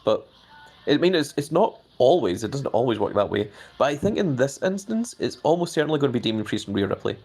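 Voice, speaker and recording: Man, live-stream host, casual chat, middle pitch, hedging fillers, lively when greeting viewers. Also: quick pace, husky. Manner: chatty, reads out viewer comments with lively jumps in pitch.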